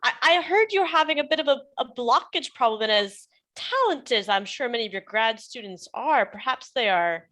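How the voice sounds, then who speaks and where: A woman voicing a polite, earnest winged adventurer who speaks in halting, courteous sentences. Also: on the high side, expressive, fairly bright tone. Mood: diplomatic.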